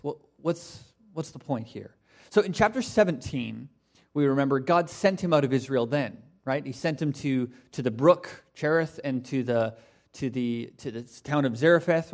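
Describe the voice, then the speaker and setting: A man preaching a sermon in a conversational way, with casual asides and animated retellings. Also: fairly high pitch, moderate pace. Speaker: pastor.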